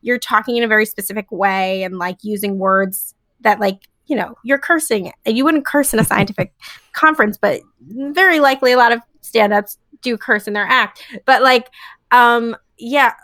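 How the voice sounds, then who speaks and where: A woman's voice: fairly high pitch, moderate pace, a bit bright, dry recording, studio quality. A young woman, a comedian and scientist, chatting casually in an interview with many fillers and frequent laughs. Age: young adult.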